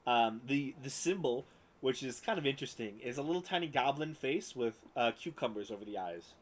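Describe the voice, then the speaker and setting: A man narrates a tabletop game as game master, describing scenes at length. His voice sits at a middling pitch, and his delivery is loose, with frequent fillers. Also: expressive, fairly quick, poor audio.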